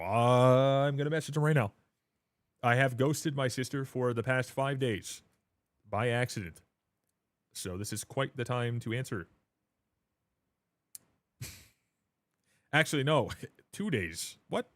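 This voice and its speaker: Male streamer, late twenties, loose joking chatter, mid-pitched voice. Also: takes it slowly, long pauses, no echo. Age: 20s. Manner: joking, rambling, self-mocking. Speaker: livestream host. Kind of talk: casual livestream chat.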